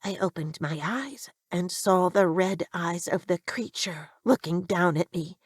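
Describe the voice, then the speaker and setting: A woman's voice: fairly low pitch, measured pace, breathy edge, no room sound, studio quality. A woman narrating a first-person horror story, reading it with tense, emphatic delivery.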